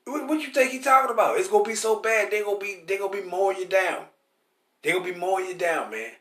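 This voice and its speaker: Teaching scripture street-style, this high-voiced preacher is emphatic and repetitive, often asking "See?" and stumbling into restarts while searching for words. He speaks at a quick pace with a somewhat bright tone, and the room echoes noticeably.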